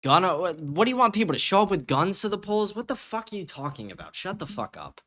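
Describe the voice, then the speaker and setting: A young man hosts his own livestream and reads viewer comments out loud. His voice sits a little high for a man. He answers the chat in a heated, profane rant. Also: big pitch swings, fast talker. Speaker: host.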